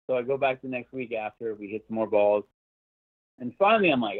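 Speaking fairly quickly in a sing-song, mid-range voice with no echo, this thirty-something man recounts a golf story as a guest on a podcast. The line sounds dry and tinny like a phone, and his talk is loose and chatty, full of "like" with occasional swearing.

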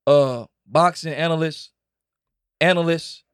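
A man's voice: a little high, takes it slowly, smooth, dry recording, studio quality. A man co-hosting a sports talk show, ranting animatedly about boxing critics. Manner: animated, ranting, mimics others. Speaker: podcast co-host.

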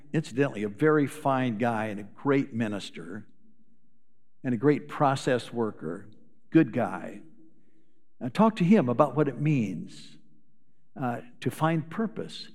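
Older man preaching in a reverberant church. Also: medium pitch. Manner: folksy storytelling with anecdotes. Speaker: retired pastor, guest preacher. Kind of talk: sermon. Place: church sanctuary.

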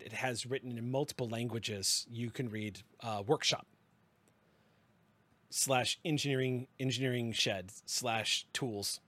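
A man running a tabletop game as game master, narrating scenes in an unhurried, descriptive way with small restarts. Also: medium pitch, a bit bright, dry recording.

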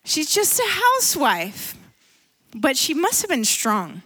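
High-voiced woman preacher, animated storyteller. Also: takes it slowly. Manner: animated storytelling, frequent laughs. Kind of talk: sermon.

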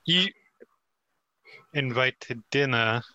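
A man's voice: medium pitch, slow, bright, forceful tone, dry recording, dull audio. A man playing a tabletop game, joking and swearing freely in casual banter. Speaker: player.

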